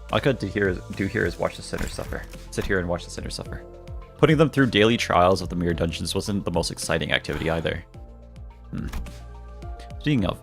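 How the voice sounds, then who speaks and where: A man's voice: deep voice, vocal fry. A young man streaming a game, reading its dialogue aloud in playful voices and joking with his chat.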